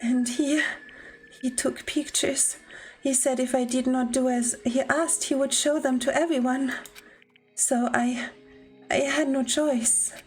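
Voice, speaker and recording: A woman reading as a timid, halting young man. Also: high voice, level tone, faint music behind. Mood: nervous. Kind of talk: reading game dialogue aloud.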